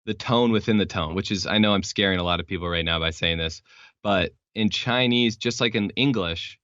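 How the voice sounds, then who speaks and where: A man's voice: deep voice, brisk, a bit bright, no room sound. A young man from Texas, a podcast guest, explaining things in a rambling, casual way with lots of fillers and restarts. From Texas, United States. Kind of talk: casual interview chat. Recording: dull lo-fi sound.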